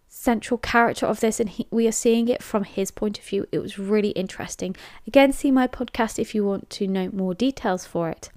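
A woman with an English accent talks through her book reviews in a casual, candid way, stressing her likes and dislikes and using plenty of fillers. Her voice sits a little high. The recording is dry and close, with no room sound. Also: dry recording. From England. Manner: chatty, candid, emphatic with frequent fillers.

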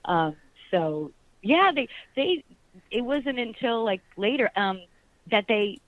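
A middle-aged actress talking animatedly in an interview, laughing often and rambling with restarts. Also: female voice, on the high side, lively intonation, slow pace, narrow, tinny audio. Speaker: actress, guest. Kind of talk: casual interview chat.

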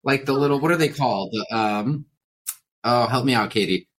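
A woman's voice: very deep voice, normal speed, background noise. A woman co-hosting a podcast in casual chat, eagerly chiming in with her own asides. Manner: eager, chimes in with interjections. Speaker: podcast co-host.

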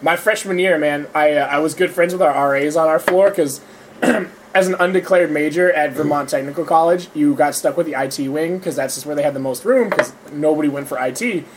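A young man co-hosting a casual podcast, pitched a bit high as he tells crude stories between bursts of laughter. A steady hiss of noise sits under his voice. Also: a little fast. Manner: profane, laughing storyteller. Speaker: podcast co-host. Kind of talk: casual podcast banter and storytelling.

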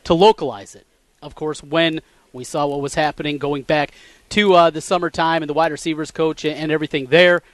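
A man co-hosting a sports radio show, laying out background facts in a measured way and getting lively when he jokes. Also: fairly high pitch, no echo. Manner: measured, recalls facts in detail, gets animated when joking. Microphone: studio mic.

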